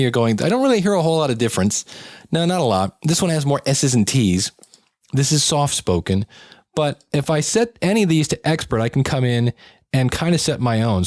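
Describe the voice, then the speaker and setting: A man's voice: medium pitch, darkish tone, no room sound, clean studio sound. A man hosting a podcast, demonstrating gear in a chatty, wry and upbeat way. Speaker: podcast host. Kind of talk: casual gear demo.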